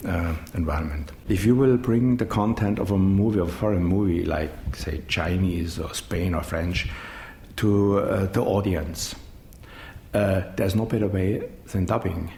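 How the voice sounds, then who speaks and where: Brief: middle-aged man, German accent, very low voice, hesitant non-native English, echoey room with faint rumble. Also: creaky, mellow. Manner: halting, searching for English words with many ums. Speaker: managing director of a dubbing studio. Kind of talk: interview answers.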